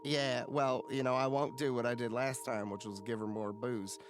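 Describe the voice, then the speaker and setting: A man's voice: mid-range voice, level tone, normal speed, music in the background, close to an everyday voice. A man doing a rambling, easygoing ship's cook. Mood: chatty. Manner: chatty, rambling, swears casually. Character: easygoing male ship's cook, frazzled but kind.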